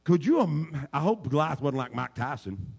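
A male pastor preaching a sermon in a booming voice, shouting his points and then dropping to quiet asides. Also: big pitch swings, moderate pace, gravelly, husky. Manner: shouting preacher, swings from loud to low asides.

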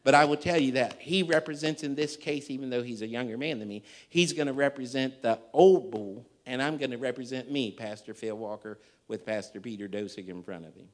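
A man preaching a sermon and telling a story, emphatic and dramatic, swinging between loud and hushed. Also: medium pitch, a little fast, few pauses. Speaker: pastor.

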